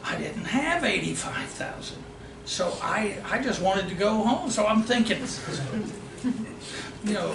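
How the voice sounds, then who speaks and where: A middle-aged man, a real estate investing trainer, telling a story at a seminar with animated energy and frequent laughter. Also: high-pitched, a little slow, creaky. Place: meeting room of an investors' association. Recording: roomy hall, distant mic, background noise.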